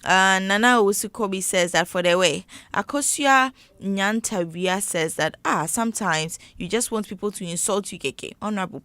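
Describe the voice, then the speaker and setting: A woman's voice: medium pitch, a bit bright, clear, resonant tone, dry recording. A woman co-hosting a morning radio show, reading listener comments with playful asides. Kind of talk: casual morning radio chat.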